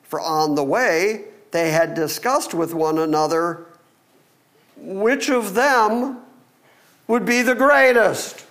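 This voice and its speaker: A middle-aged man preaching a sermon and reading Bible passages aloud, animated and acting out the people in the story. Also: high-pitched, slow pace. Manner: animated, acts out the disciples. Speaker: pastor.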